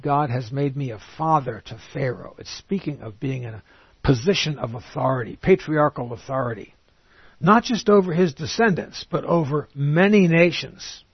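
A man giving a Bible teaching sermon, reading scripture slowly and emphatically and then explaining it in plain words. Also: fairly high pitch, breathy edge, no echo, muffled recording. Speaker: preacher.

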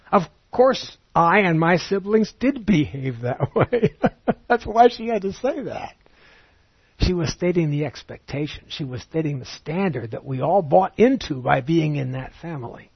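Guy teaching bible verses, kinda husky, a bit high, muffled lo-fi sound. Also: dry recording. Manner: measured, explanatory, reads scripture aloud.

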